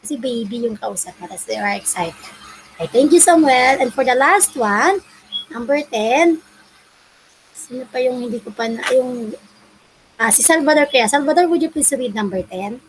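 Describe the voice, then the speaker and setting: Filipino lady teacher on a video call, upbeat, mixing tagalog and english, bit of a higher voice. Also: animated, moderate pace, slight background noise, poor audio. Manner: encouraging, mixes Tagalog and English, calls pupils "anak". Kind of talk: online class lesson.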